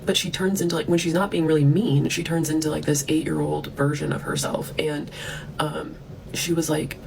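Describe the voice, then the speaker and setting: A woman's voice: low-pitched, steady tone, fairly quick, vocal fry, darkish tone, a little hiss or hum, rough recording. A woman vlogger delivering a heated, profane rant to camera, breaking into scornful laughs. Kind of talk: ranting monologue to camera.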